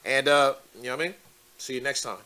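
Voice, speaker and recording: A man hosting a call-in talk show, speaking casually and laughing often, swinging from low muttering to animated near-shouting. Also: quick pace, crowd noise. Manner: animated, rising to near-shouting when worked up.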